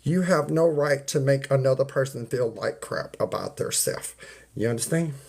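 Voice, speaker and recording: Here a livestreamer speaks in a darkish, mid-range voice during a laid-back rant. Folksy and preachy, he leans on y'all and ain't, circles back to the same points, and says hello to chatters by name.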